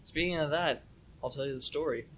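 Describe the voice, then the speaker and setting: A young man co-hosting a casual podcast, telling a story in a rambling, animated way with lots of fillers. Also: a little high, brisk, husky. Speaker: podcast co-host.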